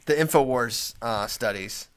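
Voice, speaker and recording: A man's voice: mid-range voice, a little slow, smooth. A man hosting a podcast in casual chat, dry and sarcastic, often sounding exasperated. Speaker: podcast host.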